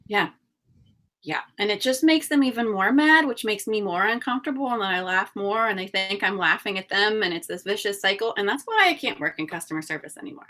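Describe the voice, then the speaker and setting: A woman's voice: medium pitch, expressive, a little fast, bright, forceful tone. A woman who giggles a lot, talking as a guest in a casual podcast chat. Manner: giggly, self-deprecating.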